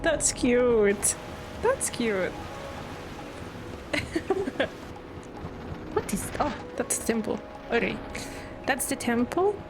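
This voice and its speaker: A woman's voice: a little high, sing-song, drawn-out words, long pauses, noisy background. A woman from Spain with a Spanish accent, chatting casually on a live stream, laughing often and explaining things with examples.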